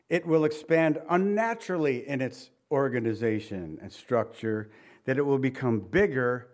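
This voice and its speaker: A middle-aged American man preaching a sermon in a fairly high voice. He talks to his congregation conversationally, asking rhetorical questions and letting his voice fall soft for emphasis. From United States. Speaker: pastor.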